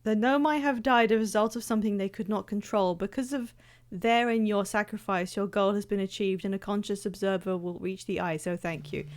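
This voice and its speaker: A woman's voice: mid-range voice, steady tone, brisk. A woman streaming a video game, chatting casually with her viewers, swearing, laughing and reacting as she plays. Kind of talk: casual gameplay commentary.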